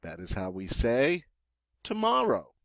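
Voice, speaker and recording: A man works through a French vocabulary list at an unhurried pace, saying each word twice before explaining it in English. He slips in dry jokes. The sound is dry and close, with no room echo. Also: medium pitch, huge pitch swings, creaky. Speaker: French teacher. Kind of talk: classroom vocabulary lesson.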